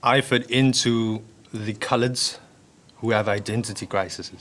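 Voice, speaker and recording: A man's voice: mid-range voice, steady tone, fairly bright tone. A man, a guest in a casual conversation, speaking candidly and bluntly. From South Africa. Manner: candid, blunt, quick asides.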